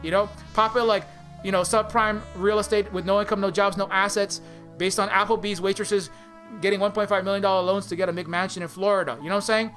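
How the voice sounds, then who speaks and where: Guy going off in an angry profane rant, high sharp voice, bit of music underneath. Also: level tone, fast talker. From Hawaii. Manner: angry profane ranting, sarcastic. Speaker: indie game developer. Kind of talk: casual rant.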